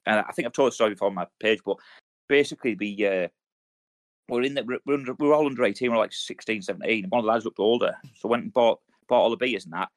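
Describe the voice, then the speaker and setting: Brisk male podcast co-host, swears freely, acts out quotes. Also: fairly low pitch. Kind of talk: casual chat.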